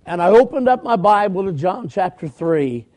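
Older preacher guy telling stories from the pulpit, highish voice, folksy and chatty. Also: lively intonation, normal speed, a little mellow. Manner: folksy, conversational, calls for amens. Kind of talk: storytelling sermon.

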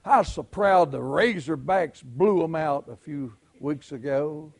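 A middle-aged man with a Southern US accent preaching a sermon, telling folksy stories and swelling into shouts. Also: a little high, measured pace, vocal fry. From Southern United States. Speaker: pastor.

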